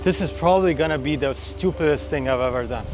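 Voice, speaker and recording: A man's voice: fairly high pitch, quick pace, very noisy. A young man talking casually to his camera from inside a car, chatty and mock-complaining about his challenge. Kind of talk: casual vlog narration. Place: inside a parked car in a city.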